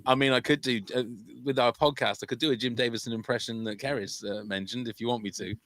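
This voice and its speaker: A man's voice: medium pitch, steady tone, fast talker, a bit bright. A man hosting a charity podcast livestream in casual, jokey chat, often tripping over his words. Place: home room during a livestream.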